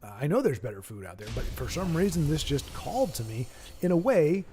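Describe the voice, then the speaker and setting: A man's voice: on the high side, very animated, a little fast, warm tone, slight background noise. A man hosting a live game stream, chatting casually with viewers and commenting on matches in a joking, rambling way that stumbles over repeated words.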